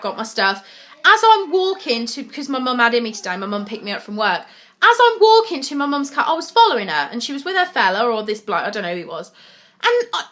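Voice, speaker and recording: A young woman with a bright, clear voice talks straight to her camera in a casual vlog. She is blunt and swears freely, retelling conversations in quick bursts. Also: a little high. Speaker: vlogger.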